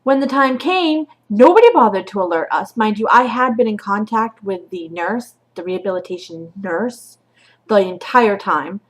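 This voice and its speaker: A woman's voice: mid-range voice, lively intonation, moderate pace. Venting woman, swearing and blunt. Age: adult with a child. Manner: swears and vents, swinging from quiet to loud. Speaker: vlogger. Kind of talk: casual venting vlog.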